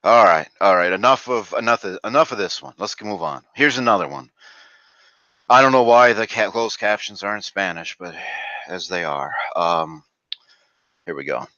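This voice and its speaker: A man's voice: lowish voice, normal speed, pushed and bright, no room sound. A man doing a reaction commentary vlog, ranting crudely and rambling with fillers and restarts. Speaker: video commentator. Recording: dull lo-fi dry recording.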